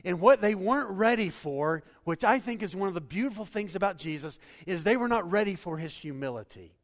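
Male pastor, lively sermon delivery, raised pitch, reverberant hall. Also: a little fast, hardly any pauses. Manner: animated preaching with acted-out quotes, shifting loud and soft.

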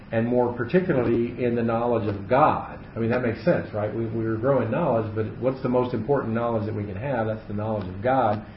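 A man's voice: mid-range voice, a little hiss or hum. A man leading a casual Bible study for a small group, thinking aloud with frequent fillers and restarts. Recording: echoey room, muffled audio.

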